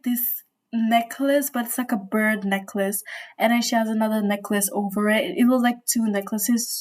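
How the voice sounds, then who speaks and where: A young woman with a somewhat high voice tells a casual storytime from her room at home. She rambles and gushes, dropping "you know" and "like" all the way through. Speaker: vlogger. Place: indoors at home by a window.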